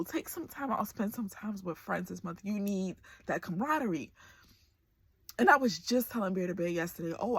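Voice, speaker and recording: A woman's voice: medium pitch, a bit bright, breathy edge, dry recording. A woman in her forties talking candidly to camera in a personal vlog, emotional and close to tears. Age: 40s. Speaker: vlogger.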